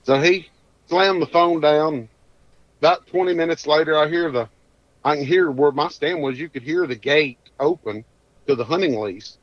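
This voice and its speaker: A man's voice: fairly high pitch, normal speed, no echo. A man, a podcast guest telling a hunting story in a folksy, rambling drawl. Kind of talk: casual storytelling. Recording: dull dry lo-fi audio.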